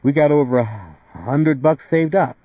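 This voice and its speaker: A man's voice: on the high side, animated, measured pace, no room sound, narrow, tinny audio, voice pushed up. A man voicing a nervous, stammering young husband who speaks fatalistically in a read-aloud story. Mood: anxious.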